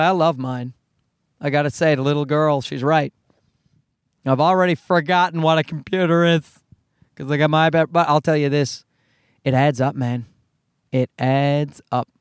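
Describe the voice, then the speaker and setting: A middle-aged man from Canada rants casually to his viewers in a slightly higher-than-usual voice. He swears freely and slips into mocking voices. The recording is dry and close, with no room sound. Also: dry recording. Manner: sarcastic, profane, mock voices for quotes. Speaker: vlogger. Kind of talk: casual ranting monologue.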